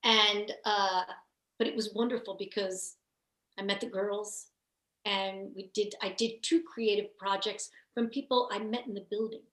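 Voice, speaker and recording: A woman's voice: mid-range voice, steady tone, unhurried, a bit bright. A woman guest, an actor, telling stories in a rambling way, full of restarts and "you know.". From Philadelphia area. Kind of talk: casual interview storytelling. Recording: roomy echo.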